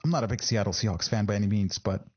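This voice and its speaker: A man's voice: lowish voice, fairly even intonation, racing, darkish tone, breathy edge, dull audio. A man hosting a casual sports podcast, rambling and repeating words between fillers. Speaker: podcast host.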